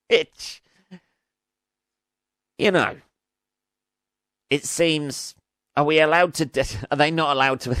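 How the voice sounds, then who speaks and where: A man's voice: medium pitch, fairly bright tone, smooth, no echo, clean studio sound. Sweary sarcastic podcast man. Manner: sweary, sarcastic, laughs at own jokes. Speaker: podcast host. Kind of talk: casual solo podcast rant.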